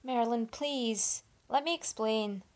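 A woman voicing a proud, quick-tempered young man pleading urgently in a story reading. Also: mid-range voice, completely flat delivery, gravelly, exaggerated voice.

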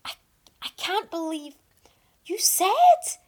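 A woman voicing a hurt, furious young man who shouts and spits his words out in a story reading. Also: medium pitch, level tone, fast, close to an everyday voice.

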